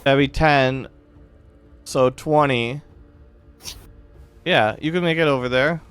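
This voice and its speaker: A man's voice: mid-range voice, slow, a bit bright, faint music behind. A man narrating and ruling as dungeon master of a tabletop game, easygoing and focused on the rules.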